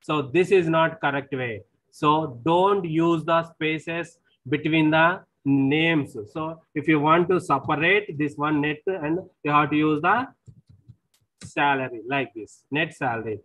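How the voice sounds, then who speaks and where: A man's voice: fairly high pitch, unhurried, fairly bright tone, poor audio. A man with an Indian English accent giving a recorded lecture on programming, explaining step by step, often repeating himself and saying "see".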